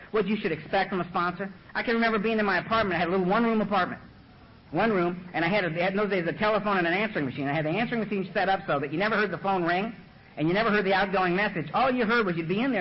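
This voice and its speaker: Speaking from the front of a meeting room at a recovery gathering, a man with a high voice shares his own story, laughing at himself and mixing in humor. His manner is loose and lively, heavy on "you know" and "man." A podium mic records it dull and lo-fi, with a little hiss or hum.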